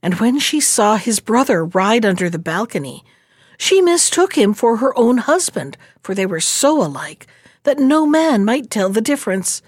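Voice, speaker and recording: A woman's voice: on the high side, dry recording, studio quality. Woman reading a fairy tale. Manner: measured, expressive. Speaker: storyteller.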